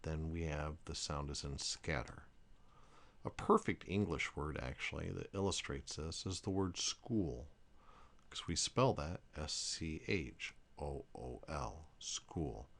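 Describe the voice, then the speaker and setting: A man's voice: extremely low pitch, a little slow, creaky, a bit bright. A man teaching a language lesson, explaining pronunciation rules carefully and repeating each example word.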